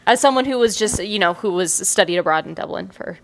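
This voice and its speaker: Young female co-host, dry wit, teasing delivery, mid-pitched. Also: lively intonation, a little fast. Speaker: podcast co-host. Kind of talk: casual chat.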